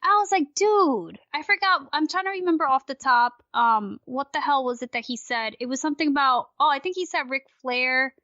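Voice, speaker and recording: A woman with a high, bright voice rants animatedly and swears freely in casual podcast chat. Her voice sits high above most women's. The recording is dry and dull, with a lo-fi sound. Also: brisk, hardly any pauses, no room sound. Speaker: podcast guest.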